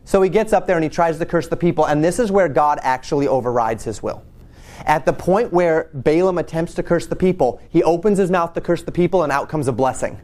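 A man's voice: on the high side, a little fast, darkish tone. A man preaching a sermon, retelling a Bible story in a loose, conversational way with frequent restarts. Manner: conversational, storytelling, repeats himself. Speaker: pastor.

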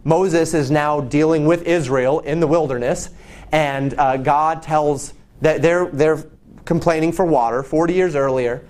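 Male preacher, relaxed storyteller teaching a Bible passage, a touch high-pitched, often doubles his words. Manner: storytelling, with quick repeated words.

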